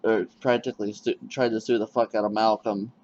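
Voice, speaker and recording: A man's voice: lowish voice, fairly quick. A man interviewing a musician in a casual chat, telling stories and acting out what people said. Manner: animated storyteller, acts out quotes. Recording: muffled lo-fi with faint noise.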